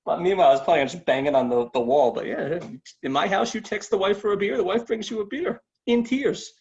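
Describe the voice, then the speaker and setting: A man's voice: high-pitched, quick pace, a little mellow. A man chatting as a podcast guest, laid-back and cracking jokes. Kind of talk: casual podcast chat. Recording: slightly dull, muffled sound.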